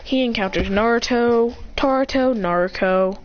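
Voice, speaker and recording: A woman's voice: on the high side, moderate pace, dull audio. A woman improvising a fan-fiction story aloud, rambling and correcting herself as she goes.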